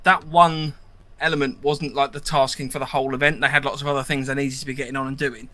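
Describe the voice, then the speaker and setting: A man's voice: mid-range voice, level tone, fast talker, bright, forceful tone. A man co-hosting a podcast, chatty and self-mocking, laughing as he tells his stories. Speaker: podcast co-host. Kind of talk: casual podcast chat.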